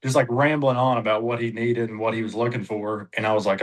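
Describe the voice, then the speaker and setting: A man's voice: lowish voice, little pitch movement, fast talker, low-quality recording. A man, a car salesperson being coached, talking hesitantly with lots of fillers. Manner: hesitant, full of "you know" fillers. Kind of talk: casual talk in a coaching session.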